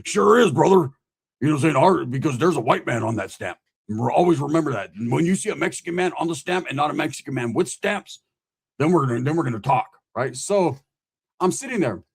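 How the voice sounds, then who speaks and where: A man telling a comedic story in a profane, slangy, animated way. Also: a little high, fast, vocal fry, husky.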